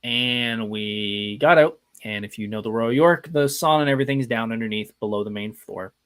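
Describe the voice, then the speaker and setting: A man's voice: mid-range voice, normal speed, fairly bright tone, clean tone. A man hosting a live podcast, telling casual, anecdotal stories in a chatty, self-deprecating way. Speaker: podcast host.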